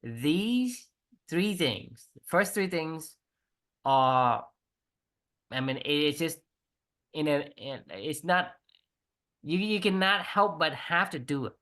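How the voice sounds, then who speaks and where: A man's voice: fairly high pitch, expressive, slow, long pauses, sharp tone. A man co-hosting a podcast over a video call, explaining his points earnestly and restarting sentences often. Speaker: podcast co-host. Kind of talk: casual chat.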